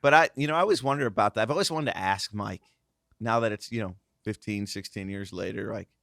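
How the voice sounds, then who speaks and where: A man in his thirties telling a casual, animated story on a podcast, acting out the voices of the people in it. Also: on the low side, fast talker, creaky, dry recording, studio quality. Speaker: guest host, former racing driver.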